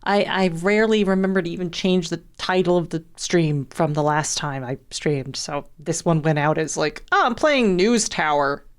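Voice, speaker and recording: A woman's voice: low-pitched, fairly even intonation, normal speed, hardly any pauses, smooth. A young woman streaming a game, rambling wryly with frequent laughs and the odd swear. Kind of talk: casual game commentary.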